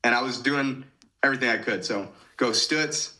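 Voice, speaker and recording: A man's voice: medium pitch, moderate pace, bright, forceful tone, rough recording. A man in his thirties from Michigan, a podcast guest casually retelling events and often quoting his own thoughts. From Michigan, USA. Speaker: podcast guest, former gymnast. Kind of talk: casual storytelling.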